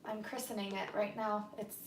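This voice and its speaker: A woman chatting casually on a live stream as a tarot reader, bubbly and giggly, often dropping to a hushed voice so she won't wake her daughter. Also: medium pitch, level tone, moderate pace, roomy sound, slight background noise. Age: adult with a young daughter. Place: home workspace at night.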